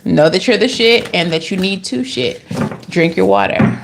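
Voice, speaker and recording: Sassy gravelly-voiced woman tarot reader. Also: moderate pace, background noise. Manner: sassy, swears freely, jumps into high playful voices. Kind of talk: casual tarot reading.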